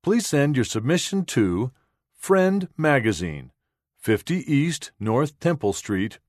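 Man, scripted audio magazine reading, clear deliberate delivery, animated pitch, dry close sound. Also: dry recording. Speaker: magazine reader.

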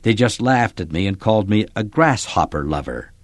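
A man voicing a gentle, earnest boy who loves small creatures, in a read-aloud story. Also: on the low side, expressive, moderate pace, dry recording. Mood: glum.

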